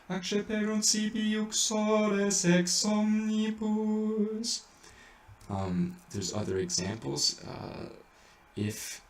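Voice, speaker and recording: A man teaching how to sing Latin chant tones, talking casually with halting explanations, many fillers and restarts. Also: sits low, creaky, recorded from a distance. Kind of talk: informal spoken lesson with sung examples. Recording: echoey room, voice a bit off-mic, faint background noise.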